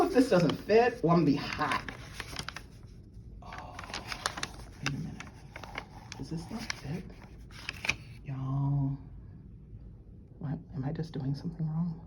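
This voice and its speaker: A woman, gushing and excitable as she unboxes jewelry and chats with viewers she calls y'all. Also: deep voice, slow pace, long pauses, background noise. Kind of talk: casual unboxing chat to viewers. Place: at work.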